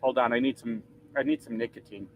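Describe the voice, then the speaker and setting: A man's voice: mid-range voice, steady tone, brisk, a little hiss or hum, poor audio. A man driving a truck and chatting casually with his livestream viewers, joking and swearing as he rambles. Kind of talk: casual live chat reading comments. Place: truck cab.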